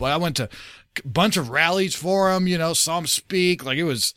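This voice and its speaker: A man co-hosting a casual podcast chat, wry and opinionated, with a deadpan manner. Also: fairly high pitch, normal speed, no echo. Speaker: podcast co-host.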